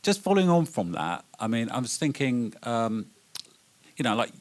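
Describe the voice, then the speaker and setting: A man's voice: mid-range voice, sing-song, normal speed. A man interviewing a musician, asking loose questions full of "um" and "you know". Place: small live venue.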